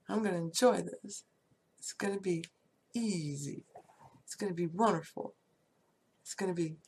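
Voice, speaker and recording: A woman's voice: lowish voice, creaky, slight background noise. A woman giving a casual, upbeat talk on prayer and feeling, often laughing and dropping into whispers. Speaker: spiritual speaker.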